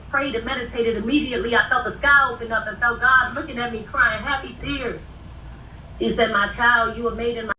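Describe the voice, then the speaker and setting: A woman's voice: a little high, sharp tone, a little hiss or hum. A woman, reciting her own spoken word poem in a rhythmic, declamatory way on a video call. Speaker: poet in a group call. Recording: distant, dull echoey call audio.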